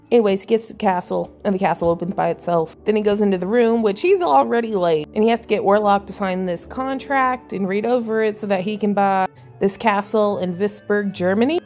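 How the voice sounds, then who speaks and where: A woman's voice: a little high, a little mellow. A woman giving a casual spoiler-filled movie recap in a crude, sarcastic, irreverent way. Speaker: movie reviewer.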